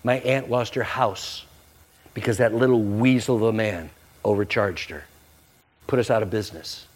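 A man's voice: on the low side, moderate pace, voice pushed down, close to an everyday voice. A man acting out a bitter, aggrieved townsperson in a sermon, complaining resentfully.

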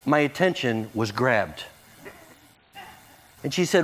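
A man's voice: a little high, normal speed. A middle-aged man preaching a sermon, telling a story and acting out the people in it. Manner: animated, acts out the people in his story.

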